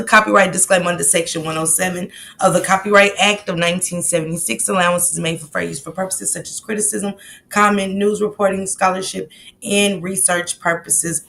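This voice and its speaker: A woman with a gravelly, fry-heavy voice hosting a relaxed livestream chat. She talks easily and greets viewers by name one after another, over a faint low rumble. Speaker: livestream host.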